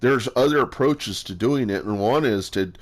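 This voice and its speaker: A man talking in a rambling casual monologue, halting often with fillers and restarts as he works through his thoughts. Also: medium pitch. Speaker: solo talker sharing his views.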